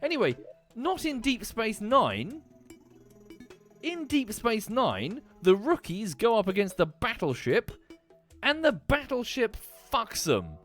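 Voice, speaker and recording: A man in his thirties rambles through a casual stream chat with a lively, swooping pitch. He swears freely and restarts his sentences often. Faint music plays behind him. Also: slow. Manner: animated, swearing, frequent restarts.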